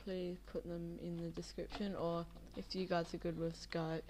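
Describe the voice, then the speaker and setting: A woman's voice: fairly low pitch, little pitch movement, normal speed, darkish tone, a little hiss or hum. A tired young woman rambling casually over a game she is playing, drowsy, with many fillers. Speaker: Minecraft video maker. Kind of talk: casual gameplay commentary.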